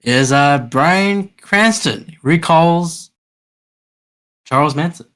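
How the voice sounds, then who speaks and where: A man hosting a podcast, chatting casually in an unhurried way with fillers. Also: a little high, expressive, fairly bright tone, clear, resonant tone. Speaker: podcast host. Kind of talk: casual chat.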